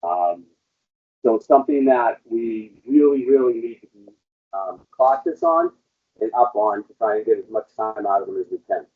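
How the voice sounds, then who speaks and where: A man's voice: on the low side, wildly swooping pitch, moderate pace, breathy edge, narrow, tinny audio. A man giving hands-on equipment training in a casual, rambling way, with frequent ums.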